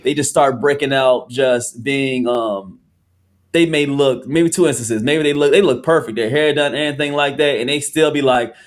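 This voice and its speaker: Male podcast host, mid-pitched voice, animated and rambling, restarts often. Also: normal speed. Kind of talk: casual podcast discussion.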